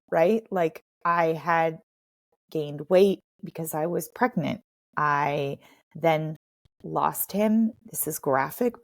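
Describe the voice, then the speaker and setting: A woman's voice: deep voice, dry recording, studio quality. A woman in her thirties, a podcast guest, talking openly and reflectively with many "like" fillers. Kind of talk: candid personal conversation.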